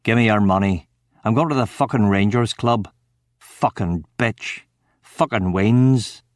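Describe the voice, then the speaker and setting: A man's voice: fairly low pitch, no room sound, clean studio sound, lightly acted. A man voicing a foul-mouthed, bullying unemployed husband, drawn out and menacing, in an audiobook. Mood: raging. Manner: snarling, swearing, drawn-out threats. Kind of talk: audiobook character voice.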